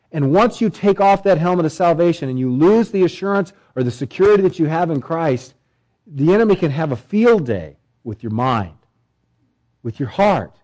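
A male pastor delivering a sermon, emphatic, with swelling pitch and repeated phrases. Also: a little mellow, rough recording.

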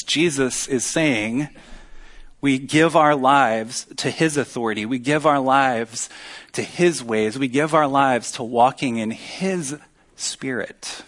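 A man preaching a sermon as pastor, earnest and teaching, with emphatic pauses. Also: mid-range voice, fairly bright tone.

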